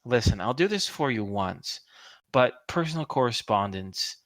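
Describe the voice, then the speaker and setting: A man's voice: medium pitch, lively intonation, normal speed, fairly bright tone, no room sound. A man voicing a young female receptionist at a nursing home who sighs and keeps to the rules. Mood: weary. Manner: sighing, curt, rule-bound.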